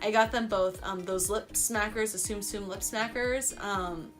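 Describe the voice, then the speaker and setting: A young woman telling a story in a casual vlog, chatty and excitable, saying "like" often. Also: medium pitch, a little slow, over music. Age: young adult. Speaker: vlogger.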